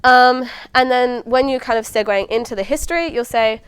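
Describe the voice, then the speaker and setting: A woman leads a relaxed study session for medical students. Her voice is smooth and clean. She talks in an easygoing, conversational way, scattering ums and likes as she goes. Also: on the high side, normal speed. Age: 20s. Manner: chatty, frequent ums and likes. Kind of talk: casual exam-prep lecture.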